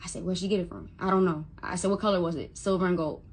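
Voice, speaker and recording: A woman's voice: lowish voice, fairly even intonation, quick pace, breathy edge. A woman speaking as a mother, talking bluntly with heavy swearing and retelling conversations by quoting them. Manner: blunt, profane, retelling dialogue with quotes. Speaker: mother telling her son's story. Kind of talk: emotional vlog monologue.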